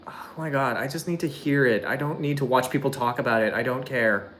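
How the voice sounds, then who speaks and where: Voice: mid-range voice, a little fast, fairly bright tone, slight background noise. A streamer chatting casually to their viewers, rambling, swearing often and filling every sentence with "like". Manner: laughs while describing a clip. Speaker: streamer talking to chat.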